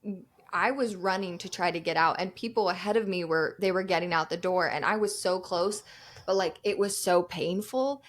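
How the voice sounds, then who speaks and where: A woman co-hosting a podcast, telling stories in animated casual chat with friends. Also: lowish voice, normal speed. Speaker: podcast co-host.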